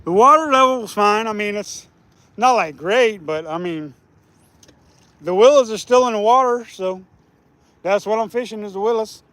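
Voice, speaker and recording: A man's voice: sits high, normal speed, pauses often, fairly bright tone. A man fishing outdoors by a lake, chatting casually on a live stream in an easygoing, rambling way. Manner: easygoing, rambling, restarts often.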